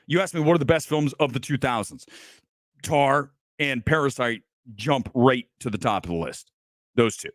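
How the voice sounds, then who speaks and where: Male host for a live film rant; sarcastic, foul-mouthed, animated delivery, dry room. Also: fairly high pitch, dry recording. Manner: angry, profane, sarcastic ranting; mocking put-on accent in quotes. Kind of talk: heated movie rant, live stream.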